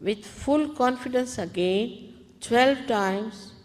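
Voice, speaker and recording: A woman spiritual teacher giving calm, deliberate guided meditation instructions to an audience, in an archival recording. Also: a little high. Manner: calm, deliberate, gently commanding. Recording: archival talk in a reverberant hall.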